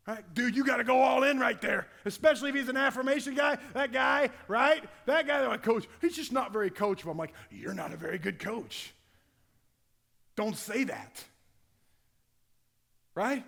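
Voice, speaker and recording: A middle-aged man, a football strength coach, giving an energetic conference talk, acting out his players' voices and bursting into shouts. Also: very high voice. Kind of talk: conference presentation. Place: large conference hall. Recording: long hall reverb.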